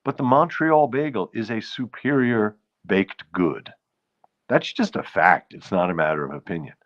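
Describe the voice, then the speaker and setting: A man's voice: lowish voice, moderate pace, a bit bright, lo-fi sound. A man with a New York accent, from the Bronx, hosting a casual live stream, rambling and greeting viewers between thoughts. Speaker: host.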